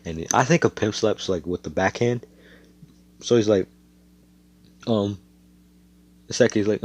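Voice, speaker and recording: A man's voice: lowish voice, unhurried, long pauses. A young man casually making up a fan story aloud, rambling and profane with lots of asides. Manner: rambling, profane, laid-back, frequent fillers and asides.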